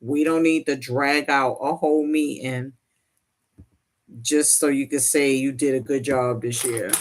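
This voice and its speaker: Woman host for a sewing livestream, relaxed unhurried talk, laughs a lot, chatty with viewers. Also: rumbling low. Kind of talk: casual chat while sewing.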